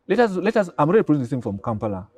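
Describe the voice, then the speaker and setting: Brief: excitable older Ugandan professor, rapid animated storyteller, voices his own dialogue. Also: fairly high pitch, breathy edge, dry recording. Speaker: guest, pharmacy professor.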